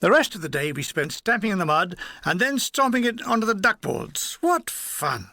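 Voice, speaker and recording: A man narrating his own war memoir as an audiobook, with wry, comic deadpan storytelling. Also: high-pitched, fairly quick, dry recording, clean studio sound. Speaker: author and narrator.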